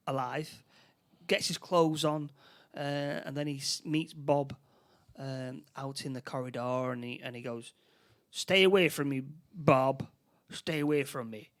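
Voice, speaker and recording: A man with a Northern English accent, co-hosting a podcast and retelling a film plot in a halting, restarting way. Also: a little high, steady tone. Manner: halting, many restarts, acts out character lines. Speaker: podcast co-host. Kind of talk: casual film recap chat.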